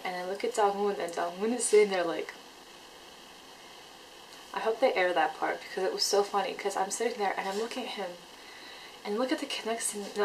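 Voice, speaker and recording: A woman telling a fan story in a casual vlog, excitable and chatty with lots of filler words. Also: medium pitch, slight background noise, low-quality recording. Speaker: fan recounting an event.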